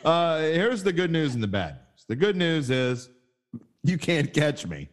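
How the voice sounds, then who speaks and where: A man's voice: fairly high pitch, very animated, measured pace. A man co-hosting a casual sports betting podcast, wry and teasing, laughing often.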